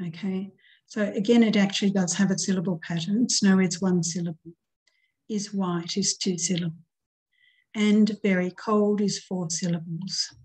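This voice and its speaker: A woman teacher giving a recorded grammar lesson, reading example poems aloud and counting out syllables deliberately. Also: medium pitch, dark tone, rough recording.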